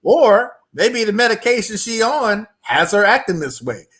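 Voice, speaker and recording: Cohost guy, kinda high voice, halting with lots of uhs, chatty breakdown. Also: very animated, fairly bright tone. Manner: halting, starts with "uh", repeats words. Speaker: co-host. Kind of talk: casual commentary on a video.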